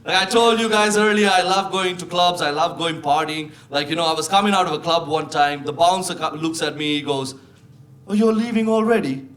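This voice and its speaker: High-voiced Sri Lankan man doing stand-up. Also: fairly quick, hardly any pauses, a little hiss or hum. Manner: animated storytelling, shifting into loud exclaiming punchlines. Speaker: stand-up comedian. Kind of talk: live stand-up comedy. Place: comedy club stage with live audience. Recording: live show with crowd laughter. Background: audience laughing.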